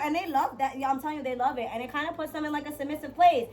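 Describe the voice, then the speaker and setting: A young woman vlogger giving dating advice in a brash, profane, playful monologue, swinging from loud to hushed. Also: sits high, fast, hardly any pauses. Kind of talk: casual storytelling monologue.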